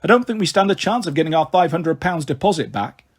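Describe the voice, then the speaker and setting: A man's voice: a little high, expressive, fast talker. A man reading aloud, voicing a stern, fussy mother who scolds her daughters in a storybook. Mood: scolding. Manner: scolding, exasperated.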